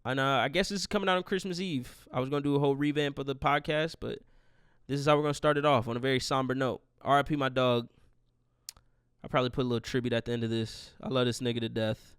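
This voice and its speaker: A man's voice: medium pitch, steady tone, fast, a bit bright, clean tone, no room sound, studio quality. A young man hosting his podcast alone, in a profane, rambling rant. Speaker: podcast host. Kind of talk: casual solo monologue.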